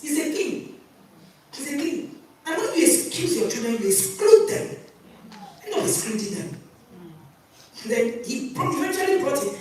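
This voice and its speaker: A woman's voice: high voice, a little hiss or hum. A woman speaking to an audience about parenting, emphatic and laughing between points. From Nigeria. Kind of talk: lively talk to an audience, telling stories. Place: conference hall. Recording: echoey hall from far off.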